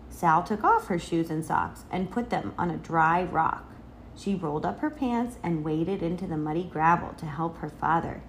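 A woman reading a children's picture book aloud in an expressive storytelling manner. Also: lowish voice, moderate pace, slight background noise. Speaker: reader.

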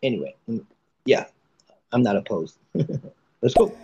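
A man hosting a casual live chat room and giving tarot readings, playful and teasing, with sudden soft asides. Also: medium pitch, sing-song, unhurried, husky, highs cut off.

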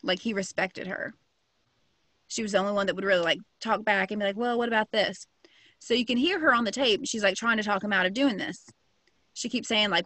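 A woman's voice: mid-range voice, fast, fairly bright tone, dry recording. A woman casually telling a true crime story to a co-host, full of fillers and slang. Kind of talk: casual chat.

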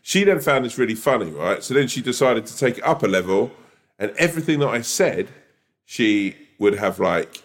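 A stand-up comedian co-hosting a podcast, telling an animated story full of "like" fillers. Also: male voice, mid-range voice, moderate pace. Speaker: podcast co-host. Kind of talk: casual chat.

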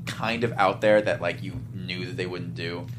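A man's voice: low voice, steady tone, normal speed, music in the background. A young man, a guest actor, chatting in a laid-back, laughing, self-deprecating way. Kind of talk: casual interview chat.

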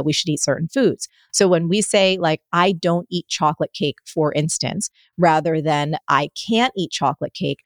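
Woman, middle-aged, podcast guest, lively storyteller, low-pitched, dry studio sound. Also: dry recording. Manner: energetic, animated storyteller.

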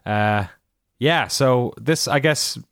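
Speaking slowly in a mid-range voice that's a bit bright, this podcast co-host chats casually, hesitating, filling gaps with fillers, and tossing in dry sarcasm. The recording is dry.

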